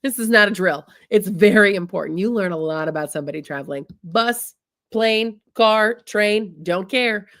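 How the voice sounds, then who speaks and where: A married Midwestern woman, an adult, recounts a comic story from her own life in a chatty manner, frequently saying "y'all" to her listeners. She speaks at a normal speed with medium pitch and a fairly bright tone.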